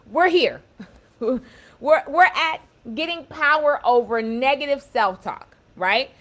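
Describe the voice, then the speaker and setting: Young woman, fairly high voice, casual motivational talk, emphatic, warm, repeats phrases. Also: lively intonation, slow pace. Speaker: self-empowerment speaker.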